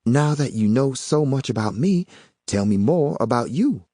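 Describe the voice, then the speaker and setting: A man's voice: animated, moderate pace, warm tone, slightly rough, dry recording, studio quality. A man voicing a troubled young woman with a blunt, clipped way of talking in an audiobook. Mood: curious. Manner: blunt, clipped, raised-pitch delivery. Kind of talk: audiobook character voice.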